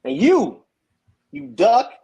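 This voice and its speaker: A man's voice: very high voice, wildly swooping pitch, slow, gravelly, warm tone, slightly rough. A man guest delivering taunting, threatening wrestling-style trash talk.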